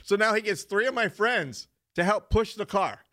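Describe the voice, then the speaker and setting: A young adult man on a podcast, telling a story in casual chat, animated, laughing often and swearing freely. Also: high voice, moderate pace. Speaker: podcast co-host.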